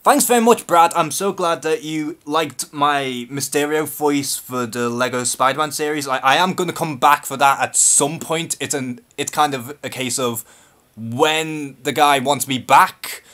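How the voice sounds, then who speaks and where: A man's voice: a little high, fairly bright tone. Nervous Scouse man answering live questions. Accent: Liverpool (Scouse). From Liverpool, England. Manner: nervous, hesitant, unscripted with many pauses. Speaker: YouTube channel host. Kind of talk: live-stream Q&A chat.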